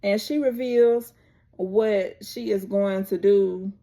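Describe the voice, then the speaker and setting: A woman vlogger chatting through a casual, animated recap of a TV episode. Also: mid-range voice, creaky. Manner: chatty, animated, drawn-out storytelling.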